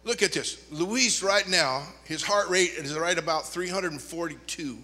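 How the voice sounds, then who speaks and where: An older man preaching a sermon as a pastor, animated and joking, with sudden loud outbursts. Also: on the high side, moderate pace. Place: church sanctuary. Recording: long hall reverb.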